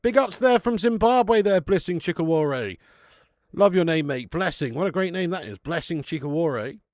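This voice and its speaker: A man's voice: high-pitched, brisk, darkish tone, dry recording. Male streamer, casual and chatty, laughs easily, swears, dry close sound. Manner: reads out viewer messages. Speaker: host of a live football watch-along. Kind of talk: casual live stream chat.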